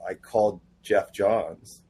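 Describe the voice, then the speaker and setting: A man guest on a casual podcast interview, telling animated stories and acting out quoted dialogue. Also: on the low side, takes it slowly, slight background noise. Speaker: comic book writer guest.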